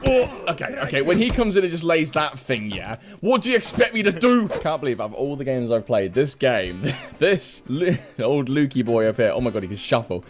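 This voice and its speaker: Man, gaming streamer, lively swinging pitch, excited commentary, music playing. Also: normal speed, hardly any pauses. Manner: animated, swearing, repeats himself, laughs often.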